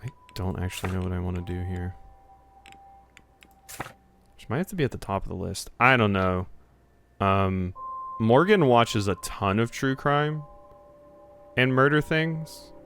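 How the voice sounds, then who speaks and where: A man's voice: medium pitch, slow, pauses often, fairly bright tone, a little hiss or hum. Rambling, swearing young male streamer. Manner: rambling, jokey, swears, reads game text aloud. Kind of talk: casual live-stream chat while gaming.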